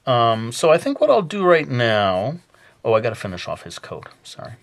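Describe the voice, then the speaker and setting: A man's voice: mid-range voice, big pitch swings, moderate pace, creaky. A man narrating a casual drawing tutorial, chatty and self-mocking, rambling with many fillers. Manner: chatty and self-mocking, jokingly putting on a bad accent. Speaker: drawing instructor.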